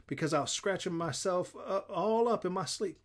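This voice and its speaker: A man reading a children's novel aloud in plain, steady first-person narration. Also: high voice, moderate pace. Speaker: audiobook reader.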